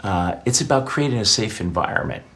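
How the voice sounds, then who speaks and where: A man's voice: lowish voice, expressive, a little fast, a bit bright. A middle-aged man answering interview questions in a reflective way, sharing personal anecdotes. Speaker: interview guest.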